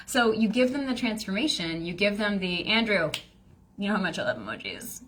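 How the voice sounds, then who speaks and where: A woman's voice: medium pitch, big pitch swings, a little fast, a bit bright, slight background noise. Chatty woman coaching on a live stream. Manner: chatty, rambling, lots of fillers and playful voices. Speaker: business coach. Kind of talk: casual live-stream teaching.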